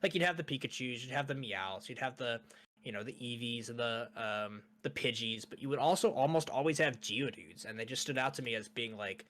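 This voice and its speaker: Young male host, bright tense tone, loose rambling chat with frequent laughs. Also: mid-range voice, brisk. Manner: laughing often, rambling, casual. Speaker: host ranking characters. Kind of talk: casual chat.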